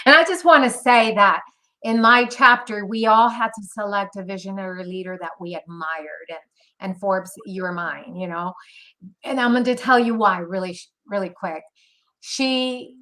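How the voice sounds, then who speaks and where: Woman host, bright and forceful tone, earnest and admiring. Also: medium pitch. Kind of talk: heartfelt tribute.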